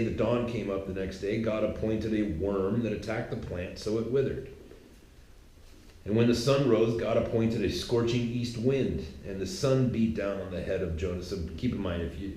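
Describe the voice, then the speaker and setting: Dude casually retelling bible stuff, kinda low voice, big echoey room. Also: male voice, moderate pace. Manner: conversational, slangy, animated storytelling. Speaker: podcaster.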